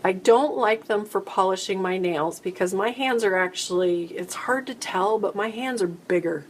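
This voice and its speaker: A woman's voice: medium pitch, normal speed, a little hiss or hum. A woman hosts a casual live-stream chat, talking through viewer questions in a rambling, friendly way. Her voice sits in a middle register, and she keeps stopping and restarting her sentences. Faint room ambience hums behind her. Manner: chatty, rambling, self-interrupting. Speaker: host answering viewer questions.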